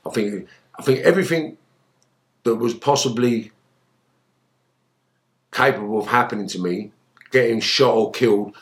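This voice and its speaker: A middle-aged man talks through his past in a sit-down interview. His voice sits in an ordinary middle pitch. He swears often and tells his stories with rough, animated energy. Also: moderate pace, pauses often. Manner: animated storytelling, acts out voices loudly, swears. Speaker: interview guest, former gangster. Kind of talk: storytelling interview.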